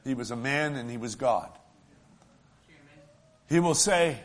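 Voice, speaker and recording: A man preaching to his congregation in a mid-range voice. He talks in a homely, folksy way and often checks in with his listeners. His delivery keeps swelling loud and slow, then sinking to a hush. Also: medium pitch, expressive. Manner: emotional, swells loud then drops soft; folksy, asks the congregation "right?". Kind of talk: sermon.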